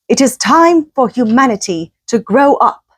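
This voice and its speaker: A woman's voice: fairly high pitch, expressive, a little slow, breathy edge, dry recording, clean studio sound, pitched above the performer's own voice. A woman doing a pompous English politician. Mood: lofty. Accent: put-on English. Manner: grandiose, oratorical delivery. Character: pompous British male politician giving a grand speech.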